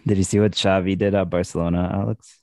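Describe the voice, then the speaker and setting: A man's voice: deep voice, level tone, fast talker, mellow, dry recording, studio quality. A man co-hosting a sports podcast, eagerly relaying news in casual chat. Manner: eager, listing news items. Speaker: podcast co-host.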